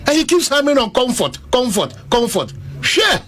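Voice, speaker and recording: A Ghanaian man with a strikingly high, lively voice argues politics on a panel. He is emphatic and insistent and keeps cutting in over the others. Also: moderate pace. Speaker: political commentator. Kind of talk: heated political panel debate.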